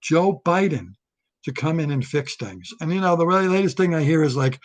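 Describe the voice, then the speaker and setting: A male comedian in a solo rant, blunt and riffing, often repeating himself. His voice sits a touch high for a man. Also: lively intonation, moderate pace.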